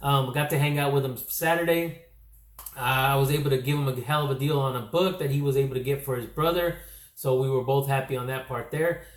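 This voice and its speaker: A man from California telling a casual vlog recap, rambling and correcting himself, his voice slightly worn from yelling. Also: medium pitch, fairly even intonation, a little fast. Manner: rambling, self-correcting storyteller. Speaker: comic book vlogger. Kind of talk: casual recap talk to camera. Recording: echoey room.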